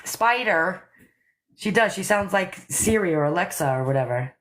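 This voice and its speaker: A middle-aged woman chats casually on a live stream. Her pitch moves a lot as she ribs her friend, and she is quick to giggle. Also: animated. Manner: giggly, ribbing, quick to laugh.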